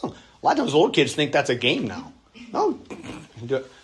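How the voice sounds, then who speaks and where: A man's voice: a little high, wildly swooping pitch, normal speed, a little hiss or hum. A man, a pastor, teaching a church workshop on parenting in a casual, conversational way, now and then acting out the voices of kids and parents.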